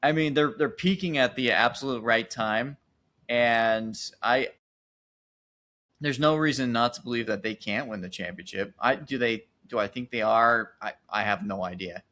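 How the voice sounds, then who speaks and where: Man, podcast co-host, casual sports chat, animated and halting, mid pitch. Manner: animated, thinking aloud with restarts.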